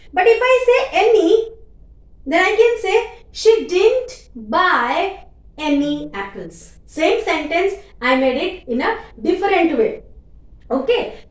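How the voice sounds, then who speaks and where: Lady explaining grammar, bouncy high voice, sounds roomy and off-mic. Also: recorded from a distance. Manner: repeats key words, checks in with "okay?". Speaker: English grammar teacher. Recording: echoey room, voice off-mic.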